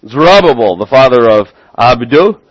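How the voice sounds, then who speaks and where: A man's voice: mid-range voice, lively intonation, a little slow, no echo, lo-fi sound. Male pastor, sermon delivery, self-deprecating humor, dry close sound. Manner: prays softly, then preaches with humor. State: dyslexic, stumbles over names.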